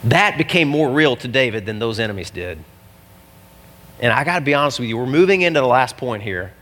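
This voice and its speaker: Animated pastor preaching in a reverberant hall. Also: male voice, mid-range voice, brisk. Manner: animated, jokey, acts out the people in the story. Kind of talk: sermon. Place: church.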